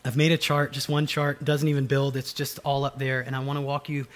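A man's voice: mid-range voice, level tone, a little fast. A man preaching a sermon, reading scripture and then explaining it earnestly and with emphasis. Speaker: pastor.

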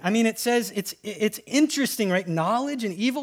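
A man's voice: high-pitched, expressive, fairly quick, few pauses. A man preaching a sermon in a conversational way, asking the room "right?" and acting out quoted voices. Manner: acts out quoted voices for humor. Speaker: pastor.

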